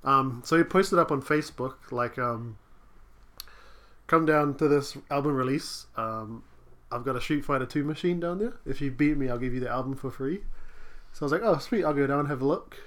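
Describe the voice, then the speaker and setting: A man telling a story in casual chat, pausing often with ums. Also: medium pitch. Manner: relaxed anecdote telling with hesitant ums.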